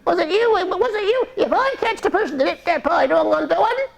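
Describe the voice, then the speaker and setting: A man's voice: expressive, quick pace, gravelly, full character voice. A man voicing a frantic male chef who wails and accuses everyone over his eaten pie, in a live puppet show. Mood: outraged wailing. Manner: shrill, wailing and accusing. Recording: live show with audience noise.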